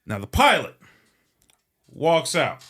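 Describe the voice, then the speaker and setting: A man's voice: fairly high pitch, huge pitch swings, slow, pushed and bright, slightly rough. A man hosting a podcast, telling a long joke in a casual, rambling and profane way. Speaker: podcast host. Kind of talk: casual storytelling.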